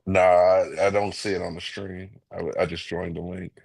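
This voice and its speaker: A man's voice: low voice, level tone, moderate pace, creaky, darkish tone, husky, no echo. A man joining a live stream for casual, joking chat.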